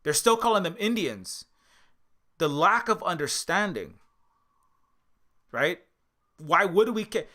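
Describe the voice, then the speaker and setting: A man's voice: high-pitched, very animated, slow pace, pauses often, pushed and bright. A man giving casual spoken commentary as a video essayist, impassioned and rambling, with frequent restarts and filler words.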